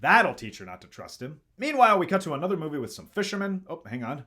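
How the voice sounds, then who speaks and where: A man's voice: a little high, sing-song, fast, pushed and bright, husky. A man hosting a comedic movie review, narrating the plot with sarcastic asides. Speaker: host.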